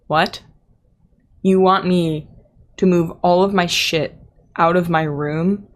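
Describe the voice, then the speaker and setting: A woman's voice: deep voice, vocal fry. A woman hosting a podcast, telling a story in casual chat, exasperated and swearing freely, and acting out the people in it. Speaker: podcast host.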